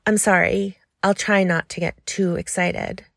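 A woman's voice: lowish voice, steady tone, a little slow, creaky, dry recording, clean studio sound. A woman voicing a nervous, eager young man who answers politely and a little breathlessly. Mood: strained.

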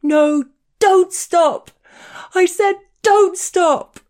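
A woman's voice: very high voice, drawn-out words, a little mellow, voice pushed up, exaggerated voice. A woman voicing a desperate nerdy man who shrieks and begs in anguish. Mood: shrieking.

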